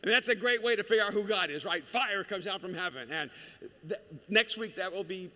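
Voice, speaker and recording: A middle-aged man preaching a sermon, telling the story with humor, animated delivery and frequent restarts. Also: high-pitched, a little fast. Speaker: pastor. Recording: reverberant hall recording.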